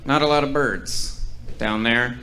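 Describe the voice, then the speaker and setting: Bright-voiced young male stand-up comic. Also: mid-range voice, unhurried. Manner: dry deadpan setups with ironic punchlines. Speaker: stand-up comedian. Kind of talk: stand-up set. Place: comedy club stage.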